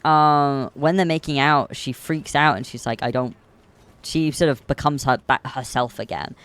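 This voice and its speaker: Give me a young male streamer with a smooth voice, animatedly rambling through a story. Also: on the high side, moderate pace, no room sound. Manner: rambling, animated retelling full of ums. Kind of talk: casual chat.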